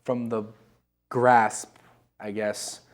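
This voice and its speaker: Male co-host, casual game chat, loose and rambling, average pitch. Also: level tone, drawn-out words. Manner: rambling, laughs at his own story. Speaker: co-host of a gaming show.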